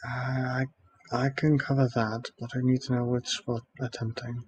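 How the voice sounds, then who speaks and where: A man plays his character in an online tabletop game, speaking in a measured, slightly hesitant way. His voice sits mid-range and is picked up close and dry, with no room sound. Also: medium pitch, flat delivery, husky, no echo. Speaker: player. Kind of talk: casual in-character play over voice chat.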